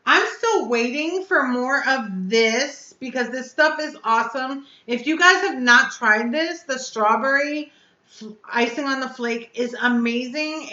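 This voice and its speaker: A woman's voice: on the high side, bright, forceful tone, reverberant. Woman chatting live with her viewers, effusive and talkative, slightly dull sound. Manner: chatty, effusive, answers viewers' comments aloud. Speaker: vape reviewer hosting a live chat. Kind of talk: casual live-stream chat with viewers.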